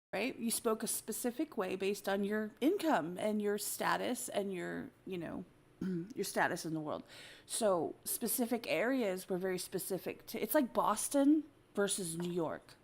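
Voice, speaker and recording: A woman hosting a casual, unscripted podcast chat, talkative and quick to laugh as she explains things at length. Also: medium pitch, lively intonation. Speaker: podcast host.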